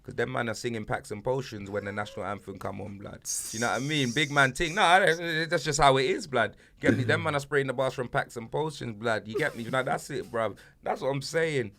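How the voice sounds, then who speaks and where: A man's voice: mid-range voice, fairly quick, vocal fry, hardly any pauses. A young man, cracking jokes and bantering about football in slang on a casual podcast. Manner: slangy, laughs loudly at his own jokes. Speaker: podcast co-host.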